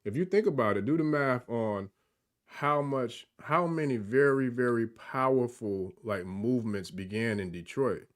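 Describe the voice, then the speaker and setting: A man's voice: medium pitch, unhurried. A man in casual spiritual livestream chat, rambling and emphatic. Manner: rambling, emphatic, grows excited and loud at times. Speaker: livestream guest.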